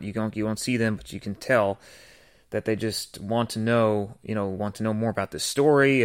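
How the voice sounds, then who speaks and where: Man hosting in casual, halting talk. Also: fairly low pitch, clean tone. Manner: hesitant, many fillers and restarts. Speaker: podcast host. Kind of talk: casual commentary.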